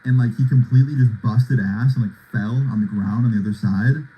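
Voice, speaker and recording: A man's voice: medium pitch, a little fast, husky, dull audio. A young man casually telling a long personal story, talking loosely with lots of "like" and "right?" as he goes. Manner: loose, filler-heavy retelling with lots of "like" and "right?".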